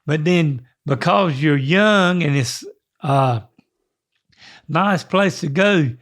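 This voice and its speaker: An older man, co-hosting a podcast in a rambling, folksy way with halting restarts. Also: fairly high pitch, fairly bright tone. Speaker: podcast co-host. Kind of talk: casual podcast chat.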